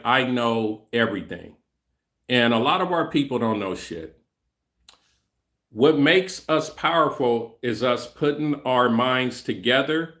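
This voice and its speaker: Here the same kind of host, a middle-aged man with his own channel, has a medium-pitched, fairly bright voice. He chats loosely with his livestream audience, wandering from point to point, circling back over the same things and talking straight to the chat.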